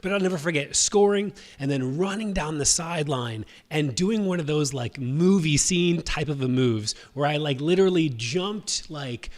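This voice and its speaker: A man's voice: a little high, normal speed, few pauses. A man in his thirties hosting a livestream, telling a personal story in a rambling, casual way with many fillers and restarts. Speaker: host.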